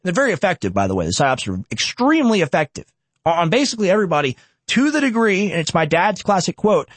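A man hosting a reaction commentary show, indignant and sarcastic, talking in quick bursts. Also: sits high, very animated, dry recording. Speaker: online commentary host.

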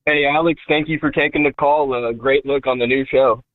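A man calling in to a radio show, earnest and rambling with halting fillers. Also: medium pitch, steady tone, no room sound. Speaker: caller. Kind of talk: call-in talk radio. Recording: tinny phone line.

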